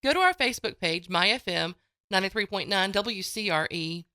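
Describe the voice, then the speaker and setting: Animated, bright-voiced woman radio host. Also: medium pitch, brisk, dry recording, studio quality. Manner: chatty, playful, folksy, with frequent laughs. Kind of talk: casual morning radio chat. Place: radio studio. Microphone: studio microphone.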